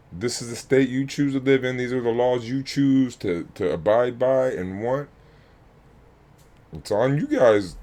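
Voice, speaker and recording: A youth coach with a medium-pitched, dark-toned voice delivers heated reaction commentary. Angry and worked up, he speaks emphatically, repeats himself, and swears.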